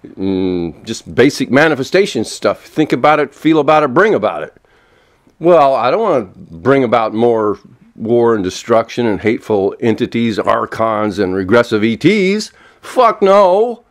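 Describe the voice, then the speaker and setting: A man in his seventies ranting alone at home, swearing a lot and swinging between angry outbursts and a soft, mock-gentle tone. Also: medium pitch, big pitch swings, a little slow. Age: 70s. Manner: frequent swearing and self-mocking laughs. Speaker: vlogger. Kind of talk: unscripted solo rant. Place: walking around indoors at home.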